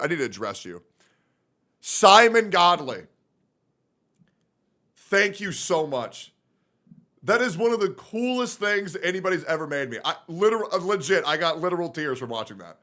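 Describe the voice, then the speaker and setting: A male streamer reacting live, excitable and profane, breaking into loud shouts. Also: on the high side, moderate pace.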